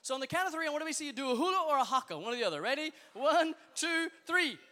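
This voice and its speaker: High-voiced, quick, playful youth pastor. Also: male voice, big pitch swings, bright, forceful tone, in a large hall, slight background noise. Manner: upbeat, playful, joking with the audience. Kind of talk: energetic crowd hype talk. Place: large hall with a live youth audience.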